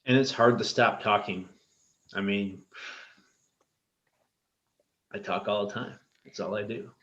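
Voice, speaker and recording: A man's voice: on the low side, steady tone, normal speed, fairly bright tone, roomy sound, highs cut off. A man hosting a podcast in a conversational manner, putting questions to his co-hosts. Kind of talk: casual chat.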